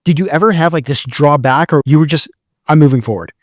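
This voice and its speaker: A man hosting a podcast, asking questions in casual, halting phrasing with "like" fillers. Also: on the high side, no room sound, studio quality. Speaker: podcast host. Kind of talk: interview questions.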